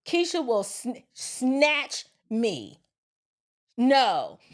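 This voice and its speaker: Animated high-voiced woman lecturing. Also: extremely slow. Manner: preachy, animated, slips into voices of friends. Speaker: commentary host. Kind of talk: opinion commentary.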